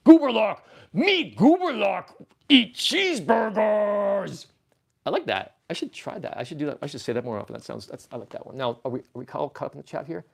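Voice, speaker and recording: A man's voice: medium pitch, racing, vocal fry, few pauses. A man hosting a casual livestream from a toy-filled room, rambling goofily and reading the chat aloud. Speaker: livestream host.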